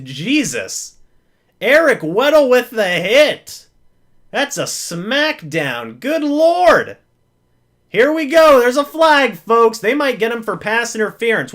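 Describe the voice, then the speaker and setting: A man reacting live to a football game, calling each snap like a fan-announcer. His voice sits high and leaps up and down across a wide range. He takes his time and drawls through the lulls. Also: slow pace. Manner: excitable, pleading with the referees.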